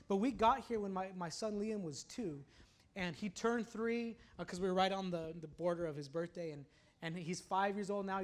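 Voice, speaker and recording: A man in his thirties, a pastor, preaching a sermon that moves between fervent declarations and chatty, halting storytelling. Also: high-pitched, a little mellow.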